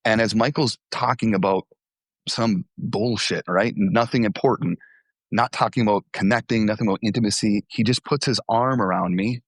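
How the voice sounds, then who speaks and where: A man's voice: fairly low pitch, no room sound. A young adult man, a former youth pastor, telling candid stories in an interview, with fillers and restarts.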